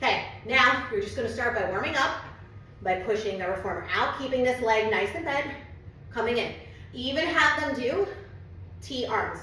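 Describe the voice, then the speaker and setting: A woman's voice: on the high side, animated, normal speed, bright, forceful tone, heavy reverb, far from the mic, a little hiss or hum, poor audio. A woman teaching a Pilates move at home in a chatty, casual way, out of breath and swearing now and then. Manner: chatty, swears casually, talks to her cat. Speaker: Pilates instructor. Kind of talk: casual home workout tutorial. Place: home studio with mirror.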